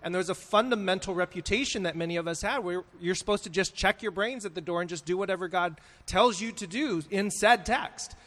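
High-pitched guy talking through a sermon point, earnest, lots of ums, big echoey reverb. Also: a little fast, few pauses, fairly bright tone. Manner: earnest, thinking aloud with fillers. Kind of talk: sermon recap in conversation.

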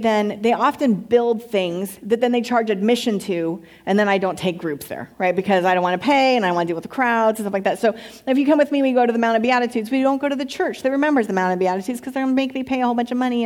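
A woman's voice: medium pitch, darkish tone. Chatty, candid woman pastor preaching. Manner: chatty and candid, with quick asides; enthusiastic when describing places. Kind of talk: conversational sermon.

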